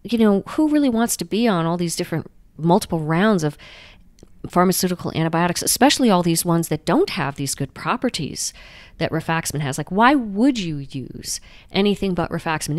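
A woman doctor explaining things in a smooth, low voice, lively and chatty, full of small restarts and "you know"s. The sound is dry and close. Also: brisk, dry recording. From United States. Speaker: guest doctor. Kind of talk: conversational interview answers.

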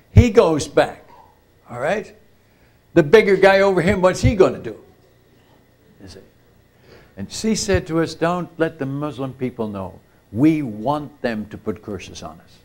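An older man, a missionary speaker, telling a story in a sermon at a retreat camp meeting, acting out the quoted voices and often turning to the audience with asides. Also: fairly high pitch.

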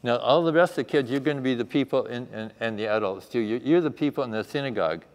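A man's voice: mid-range voice, fast talker. A man teaching a children's Bible lesson in a chapel, asking the room questions and acting out the story. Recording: echoey hall.

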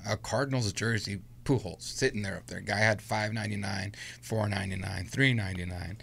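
Low gravelly man telling a story. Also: a little fast, slight background noise. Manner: animated anecdote-telling with acted-out quotes. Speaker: guest storyteller. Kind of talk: casual storytelling interview.

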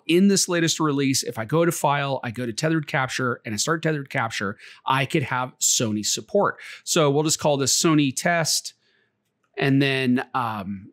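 A man hosting a photography channel, talking through a software tutorial in a relaxed, conversational way with frequent filler words. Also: medium pitch, no echo, studio quality. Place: home desk. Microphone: desktop mic, muffled at times while shooting.

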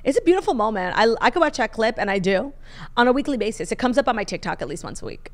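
A woman's voice: fairly high pitch, sing-song, quick pace, slight background noise. A young woman co-hosting a casual podcast, gushing and swearing freely, with lots of fillers. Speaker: podcast co-host. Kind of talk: casual chat.

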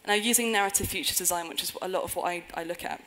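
Woman speaker, lowish voice, earnest conference talk with dry jokes thrown in. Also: racing, fairly bright tone, poor audio. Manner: earnest, with wry humorous asides. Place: conference stage before an audience.

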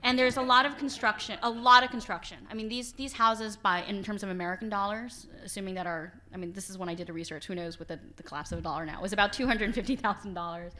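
Bright, chatty woman giving a talk. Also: mid-range voice, quick pace, hardly any pauses. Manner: chatty and animated, laughs often, frequent restarts. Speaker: author giving a book talk. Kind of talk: informal lecture with slides. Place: library event hall.

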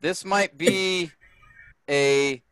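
A man teaching a grammar lesson to a group, slow and patient, often checking that the class follows. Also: high-pitched, fairly bright tone, smooth, no room sound. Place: workshop room.

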